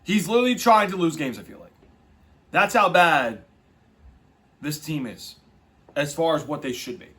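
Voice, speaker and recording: A man's voice: fairly high pitch, animated, moderate pace, pauses often, a bit bright. A young man hosting a casual football podcast, ranting in an exasperated, profane, emphatic way. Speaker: podcast host. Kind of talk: casual sports podcast rant.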